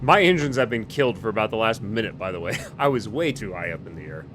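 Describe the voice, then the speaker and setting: A man hams it up as a jittery airline pilot, his voice swinging wildly up and down as he talks to imaginary passengers. He curses freely and drops from low mumbles into sudden yells, a comedic role-play through and through. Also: lively intonation, quick pace, background noise. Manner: panicky, profane, lurching between muttering and shouting. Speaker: flight sim streamer.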